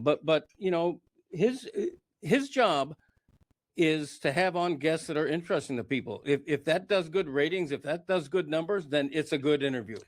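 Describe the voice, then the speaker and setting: A man giving calm, reasoned sports media commentary as a podcast guest, with small hesitations. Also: medium pitch, no echo.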